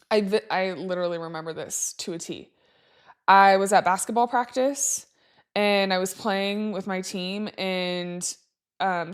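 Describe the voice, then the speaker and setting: A woman's voice: mid-range voice, smooth. A young woman hosting a podcast, candidly telling reflective personal stories with frequent "like" fillers. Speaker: podcast host.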